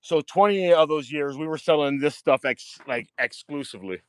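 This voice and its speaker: A man giving a casual live-stream tour of his diecast collection, excitable, swearing freely and repeating himself. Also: fairly high pitch, normal speed, clear, resonant tone, dry recording. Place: home storage rooms and outdoors at night.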